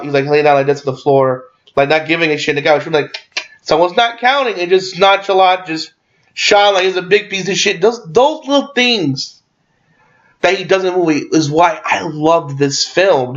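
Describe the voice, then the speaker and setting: A man recapping a movie in a casual, rambling way, full of fillers and restarts. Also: on the high side. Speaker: movie reviewer. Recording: dull lo-fi sound.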